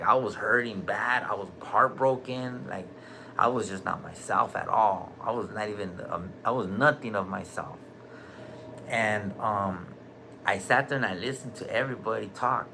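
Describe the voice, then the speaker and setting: A middle-aged man with a gravelly, fairly low voice and a bright, forceful edge speaks candidly in street slang. Faint room ambience sits behind him. His talk is loose and unscripted, full of "bro" and swearing. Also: normal speed, slight background noise, rough recording. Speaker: guest telling his life story. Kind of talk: casual recorded conversation. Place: hospital room.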